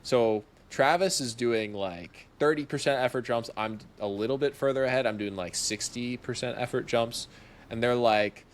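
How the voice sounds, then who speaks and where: A young man on a podcast tells a story casually and with animation, laughing often and acting out what people said. His voice sits in the mid range at a normal speed.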